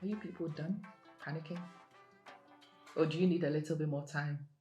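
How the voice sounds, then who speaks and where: Calm teasing father, as a woman quotes him. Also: low voice, normal speed, lightly acted. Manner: soft, dry and mocking. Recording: roomy echo with faint music.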